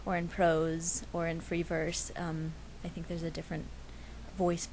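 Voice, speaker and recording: A young woman in her twenties, a student poet, answering interview questions in a soft, hesitant way with many restarts, then reading her own poem. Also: lowish voice, monotone, a little slow, a little hiss or hum, low-quality recording. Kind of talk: casual interview and poetry reading.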